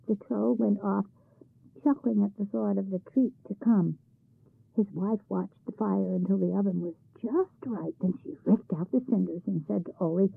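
A woman narrating a folk tale in a lively, expressive reading. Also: medium pitch, moderate pace, vocal fry, breathy edge, no echo. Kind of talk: storybook narration. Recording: tinny phone-like sound.

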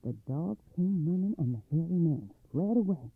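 Man, radio storybook narration, expressive, lively pitch, slightly husky, tinny phone-like sound. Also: moderate pace, no echo. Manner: expressive, dramatic reading.

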